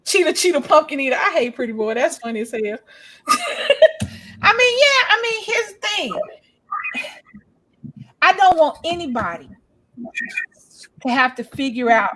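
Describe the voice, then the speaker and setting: A woman's voice: fairly high pitch, a bit bright, poor audio. A woman in her forties telling a story in casual chat, blunt and profane, acting out both sides of an argument. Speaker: podcast co-host.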